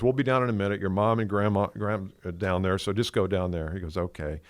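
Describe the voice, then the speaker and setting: A man's voice: low-pitched, steady tone, fast, few pauses, no room sound, studio quality. An older man co-hosting a podcast, chatting casually and telling stories, acting out the lines of the people in them. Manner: storytelling, acts out quoted lines. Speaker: podcast co-host.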